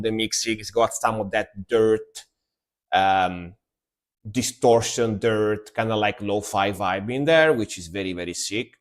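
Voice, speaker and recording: A man streaming music reactions, talking casually and laid back and repeating words for emphasis. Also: lowish voice.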